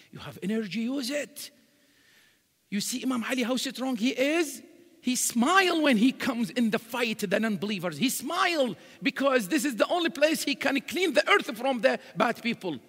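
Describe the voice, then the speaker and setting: High, husky-voiced man preaching. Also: moderate pace. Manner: animated storytelling, quotes Arabic verses. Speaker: religious speaker. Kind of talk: live sermon. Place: large mosque hall. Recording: reverberant hall.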